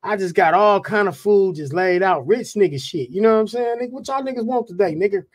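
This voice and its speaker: A man, a guest rapper, telling a profane, animated anecdote in casual talk. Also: high voice, brisk. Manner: profane, animated, repeats "you know what I'm saying".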